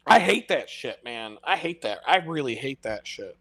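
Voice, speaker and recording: A man's voice: medium pitch, very animated, normal speed, gravelly, few pauses, sharp tone, dry recording. A man hosting a live stream, ranting in an unscripted monologue, profane and exasperated but mocking himself.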